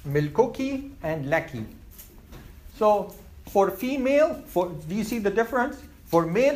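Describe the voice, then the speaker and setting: A man teaching an Arabic class, repeating words slowly for his students. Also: sits high, very animated, a little mellow. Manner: slow, repeats words for learners.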